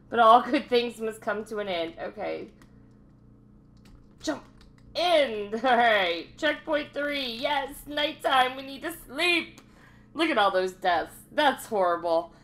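A young woman hosting a gaming channel, giving excitable let's-play commentary, talking to herself and laughing often. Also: a little high, gravelly.

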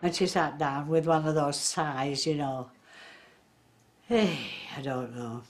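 A woman's voice: deep voice, takes it slowly. An older woman, chattily recalling the past in an interview and acting out what others said. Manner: chatty storyteller, acts out quoted voices. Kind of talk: reminiscing interview.

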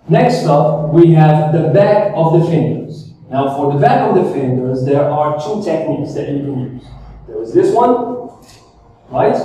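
A man's voice: a little high, dark tone. A male teacher giving a classroom lesson, patiently quizzing students and repeating their answers. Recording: echoey classroom from far off, faint music.

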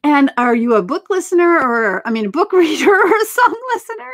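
A woman in her fifties hosting a podcast, chatting enthusiastically and asking quick questions. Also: high-pitched, sing-song, a bit bright. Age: 50s. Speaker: podcast host. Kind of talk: casual interview chat.

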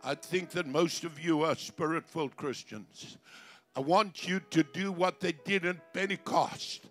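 A man pastor preaching a fiery revival sermon from South Africa, shouting praise and speaking in tongues. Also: sits high. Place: outdoor city square service.

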